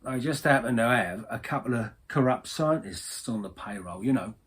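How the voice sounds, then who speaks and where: A man's voice: mid-range voice, expressive, moderate pace, fairly bright tone, husky. Chatty man spinning a yarn. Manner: chatty, slangy, full of tag questions. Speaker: storyteller. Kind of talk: monologue storytelling.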